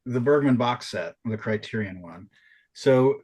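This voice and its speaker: A man with a husky, mid-range voice co-hosts a podcast at a measured pace. Chatting casually, he tells stories energetically, swearing frequently and backing up to restart often.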